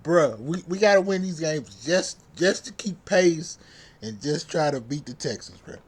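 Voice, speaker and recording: A young man with a fairly high voice rants to camera as a sports vlogger, fired up and repetitive. His talk is loose, heated and full of slang fillers. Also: lively intonation, a little slow, husky. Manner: heated, repetitive, says bruh constantly. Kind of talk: casual fan rant.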